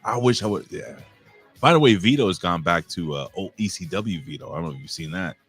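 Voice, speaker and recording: A middle-aged man hosts a live wrestling review, rambling and swearing as he greets chat viewers by name. His voice sits very low, but his pitch moves around a lot. Faint music plays underneath. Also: animated, a little fast, fairly bright tone, husky. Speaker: wrestling review show host. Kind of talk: casual live-stream chat.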